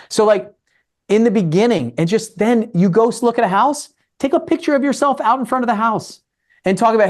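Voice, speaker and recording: A man from Maryland with a slightly high voice gives a casual talk on real estate. He keeps slipping into acted-out lines, playing both himself and the investors he talks to. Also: very animated, fairly quick, a little mellow. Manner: acts out both sides of conversations.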